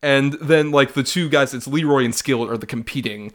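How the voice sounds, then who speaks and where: A man's voice: medium pitch, brisk. A man co-hosting a film podcast, rambling casually with lots of "like", swearing and laughing. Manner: rambling, filler-heavy, profane, laughing. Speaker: podcast co-host. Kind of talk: casual film review chat.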